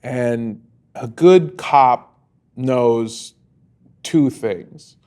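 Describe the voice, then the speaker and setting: A blunt middle-aged police father, voiced by a man in a tabletop role-play. He talks crudely and curses freely, in a mid-pitched voice. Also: extremely slow, a little mellow, smooth. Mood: stern.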